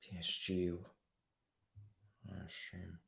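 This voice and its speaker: A man's voice: sits low, completely flat delivery, slow, vocal fry, a bit bright. A young man streaming a live football watchalong, talking in slangy, exclamatory bursts and muttering asides to himself.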